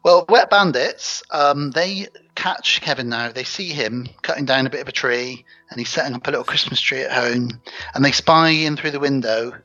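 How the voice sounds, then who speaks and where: A man talking casually on a podcast, walking through a film scene by scene and slipping into the characters' lines as he goes. His voice is bright and a little husky. Faint music plays behind him. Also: mid-range voice, normal speed, highs cut off. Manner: retells scenes, acting out the dialogue. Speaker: podcast co-host.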